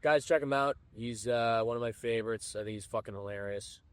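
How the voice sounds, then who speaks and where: A man with a New England accent hosting a comedic podcast, talking loudly and breaking into announcer-style shouts. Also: medium pitch, brisk, smooth, no room sound. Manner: loud, animated, bursts into announcer-style shouts. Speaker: podcast host.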